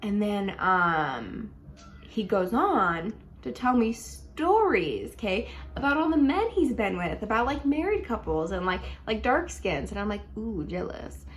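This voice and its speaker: A young woman casually telling a dating story at home in a chatty, animated way, full of likes and ums. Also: mid-range voice, a little slow. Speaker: vlogger.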